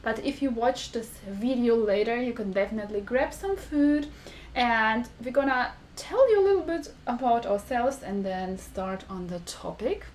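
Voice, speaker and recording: A woman hosting a casual mukbang live stream, talking slowly and clearly to her viewers in a friendly, chatty way. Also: fairly high pitch, darkish tone, slight background noise. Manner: slow, deliberate speech for viewers; friendly, chatty, laughs often. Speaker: vlog host.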